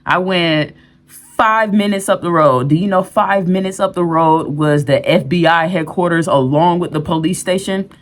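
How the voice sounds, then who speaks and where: Speaking at a moderate pace in a fairly low voice, a woman shares a true story on camera for a storytime vlog. Her telling is candid and meandering, full of fillers and restarts.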